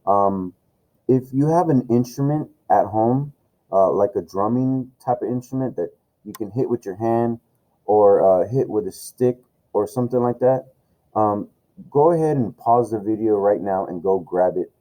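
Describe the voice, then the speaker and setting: Mellow-voiced man teaching a music lesson. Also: fairly low pitch, moderate pace, low-quality recording. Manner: loose and encouraging, chatty with many fillers. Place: home room with camera and tablet.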